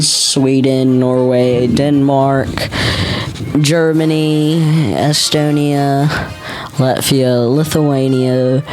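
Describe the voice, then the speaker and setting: A man's voice: mid-range voice, poor audio. A man from the United States talking casually as he names countries on a map, unsure and thinking aloud, often repeating names to himself. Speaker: geography vlogger. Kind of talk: casual commentary while labeling a map.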